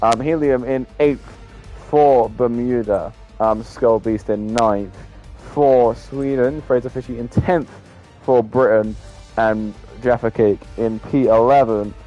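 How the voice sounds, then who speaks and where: A man's voice: medium pitch, steady tone, takes it slowly, muffled recording, soft background music. Casual man calling a sim race. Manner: casual, loose, many "um" fillers. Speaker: race commentator. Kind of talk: live sim racing commentary.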